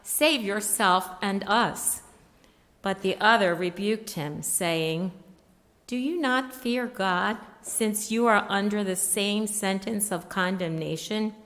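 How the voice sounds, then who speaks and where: A woman reading scripture aloud during a church service, measured and deliberate. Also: medium pitch, a bit bright. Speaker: scripture reader. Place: church sanctuary. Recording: reverberant sanctuary, voice from a distance.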